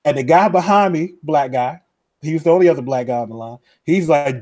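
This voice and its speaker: A man's voice: fairly high pitch, fairly quick, darkish tone. A man with a New York accent, co-hosting a podcast and telling a long story while acting out other people's voices. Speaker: podcast co-host. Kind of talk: animated storytelling.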